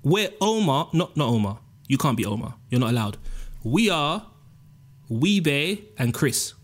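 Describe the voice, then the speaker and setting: A man's voice: a little high, very animated, a little slow. A man, co-hosting a podcast with joking, slangy banter. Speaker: podcast co-host. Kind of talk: casual chat.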